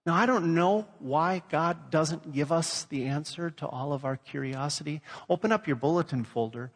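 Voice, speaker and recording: A man's voice: a little high, moderate pace, breathy edge, in a large hall. A man from Louisiana preaching a sermon and telling stories, acting out the voices he quotes. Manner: storytelling, acts out quoted voices. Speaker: pastor.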